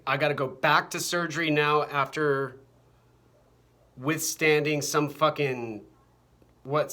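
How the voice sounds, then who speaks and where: A man's voice: a little high, pushed and bright. A man delivering a rambling, profane, agitated monologue to his camera, repeating phrases over and over. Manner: agitated, repetitive, profane rant. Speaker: vlogger. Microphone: camera mic.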